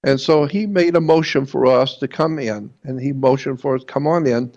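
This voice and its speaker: A guest in an interview tells a personal story haltingly, repeating words and slowing down for emphasis. His voice is mid-range with a darkish tone, on a dull lo-fi recording.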